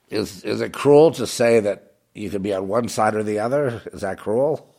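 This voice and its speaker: A man's voice: lowish voice, moderate pace, creaky, warm tone. Fervent rambling man preaching. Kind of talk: preaching monologue.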